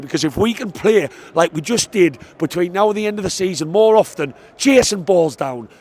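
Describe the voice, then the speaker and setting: A man giving an excitable post-match football fan reaction outside the stadium, stressing his points. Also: sits high. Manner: excitable, emphatic, repeats "I tell you what".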